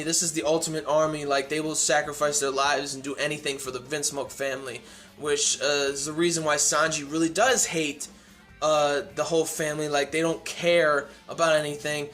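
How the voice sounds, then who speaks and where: A man's voice: a little high, level tone, normal speed, pushed and bright, faint music behind. A man casually reviewing a comic chapter on his channel, rambling with lots of fillers and restarts.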